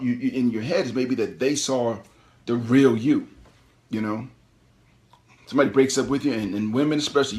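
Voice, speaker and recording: A middle-aged man hosting a call-in show, giving animated, preachy career advice and repeating his key phrases. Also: mid-range voice. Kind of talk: motivational career talk.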